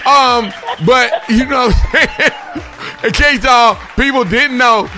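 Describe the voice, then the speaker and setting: A man hosting a casual radio interview, hyping up his guest with animated, slangy banter. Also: extremely high pitch, extremely slow, over music, a crowd in the background. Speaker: host.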